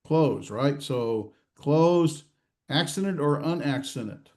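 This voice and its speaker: A man lectures a grammar class in a warm, mellow voice. He stops often with "uh" and restarts his phrases. He keeps throwing questions at his students. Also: fairly high pitch, lively intonation. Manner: halting, many fillers and restarts, quizzing students. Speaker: Hebrew grammar instructor. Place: classroom or online class session.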